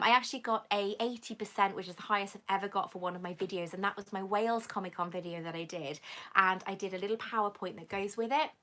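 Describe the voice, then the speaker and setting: An effusive woman from Britain chats through a live-stream Q&A on her channel. Her pitch sits in an ordinary middle range. She reads out viewer comments and answers each one with gushing thanks. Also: a bit bright.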